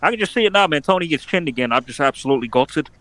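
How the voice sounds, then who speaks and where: A man's voice: on the high side, animated, very fast, bright, forceful tone. A man putting on a gutted Scouse fella. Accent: Scouse (put on). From United States. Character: gutted middle-aged man with a thick Merseyside accent.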